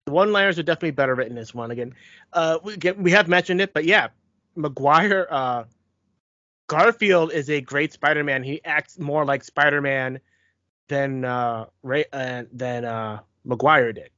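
A man co-hosting a casual chat, his voice pitched a little high for a man. He talks matter-of-factly with a few fillers. The recording is lo-fi and muffled, with no room sound. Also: normal speed, bright, forceful tone, dry recording. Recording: dull, lo-fi dry recording.

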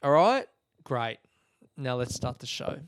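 Tired guy doing a late-night solo podcast, yawny and rambly, swears a lot, mid-pitched voice, dead dry mic. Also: big pitch swings, slow pace, no echo. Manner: rambling, sleepy, profane and self-mocking. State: tired and yawning. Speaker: podcast host. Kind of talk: casual late-night monologue. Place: his room at night. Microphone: podcast microphone.

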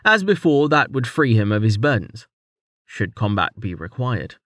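A man reading a fantasy novel aloud as audiobook narrator, in lively storytelling narration. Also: medium pitch, normal speed, dry recording, clean studio sound. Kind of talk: scripted narration.

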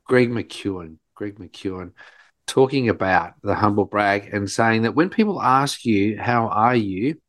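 A man's voice: fairly low pitch, a little slow, dry recording. Middle-aged aussie guy telling stories, playful, dry close sound. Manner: playful, animated storyteller. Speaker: podcast co-host, doctor. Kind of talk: casual podcast chat.

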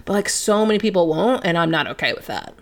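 A woman's voice: on the low side, expressive, quick pace. A young woman co-hosting a podcast, chatting casually with many fillers, swearing and laughing often. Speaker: podcast co-host. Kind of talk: casual political chat.

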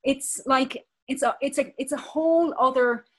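An Irish woman in her thirties, an actress talking in an interview, animated and passionate. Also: high voice, moderate pace. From Ireland. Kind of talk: conversational interview.

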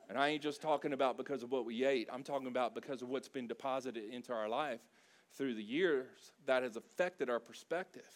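A middle-aged man from South Louisiana, preaching a sermon and telling stories with humor and lots of feeling. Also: medium pitch. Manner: animated, emotional storytelling with humor. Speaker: pastor.

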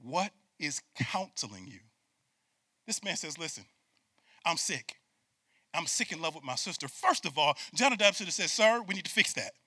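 A man preaching a sermon with call-and-response, swinging from loud bursts to hushed asides. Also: fairly high pitch, big pitch swings, moderate pace, breathy edge, no room sound, clean studio sound. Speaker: pastor.

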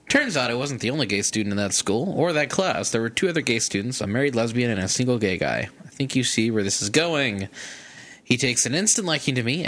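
A man hosting a podcast who reads a listener's email aloud in an animated way and laughs between lines. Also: medium pitch. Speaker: podcast host.

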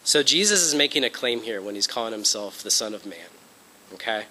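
A man's voice: fairly low pitch, expressive, brisk, bright, forceful tone, slight background noise, low-quality recording. A young man giving an informal Bible lesson, talking through his notes with fillers and "okay?" check-ins. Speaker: Bible study teacher. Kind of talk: informal lecture presentation.

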